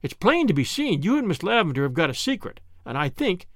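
A man's voice: high-pitched, very animated, fairly quick, no room sound, clean studio sound, heavily acted. A man reading an audiobook, voicing a blunt, devoted young servant girl with folksy, deferential speech. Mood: blunt, worried.

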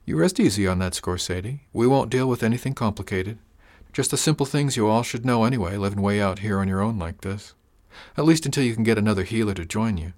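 A man voicing a kindly, wry older woman who works as an herbalist, speaking in a gentle, reassuring way. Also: lowish voice, animated, fast talker, close to an everyday voice.

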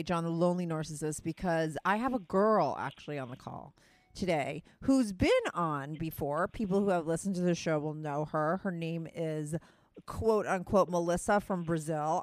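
A woman's voice: low voice, dry recording. A woman in her thirties with a New Jersey or New York accent, hosting a podcast and chatting bluntly, teasing a friend with lots of fillers. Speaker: podcast host. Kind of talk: casual chat over a phone call.

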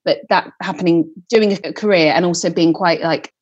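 A woman's voice: fairly low pitch, normal speed, lo-fi sound. A woman in her thirties, a singer-songwriter guest talking candidly, chatty and self-deprecating, swearing freely. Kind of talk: candid podcast conversation.

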